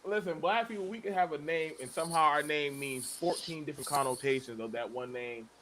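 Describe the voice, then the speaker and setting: A man hosting a casual panel chat, animated and swearing, with bursts of loud emphasis and speech. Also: a little high, fairly quick, a little hiss or hum. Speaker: show host.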